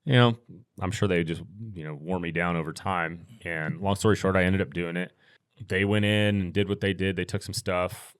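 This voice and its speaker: A man's voice: sits low, steady tone, normal speed, smooth, no echo, clean studio sound. A middle-aged man telling a long story in a laid-back, rambling way, full of fillers and restarts. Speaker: podcast guest, firearms instructor. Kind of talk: casual storytelling.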